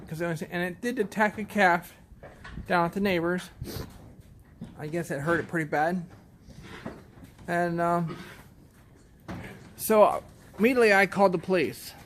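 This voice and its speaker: A man who farms goats, telling a story in a plainspoken, halting way, often restarting his sentences. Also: sits high, a little hiss or hum. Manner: plainspoken, halting, shaken retelling. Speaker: goat farmer. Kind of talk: casual storytelling.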